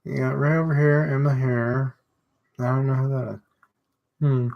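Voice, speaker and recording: A man's voice: mid-range voice, fairly even intonation, moderate pace, gravelly, highs cut off, a little hiss or hum. A man streaming his reading of a comic, giving chatty commentary and muttering asides as he goes. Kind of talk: casual reading reaction.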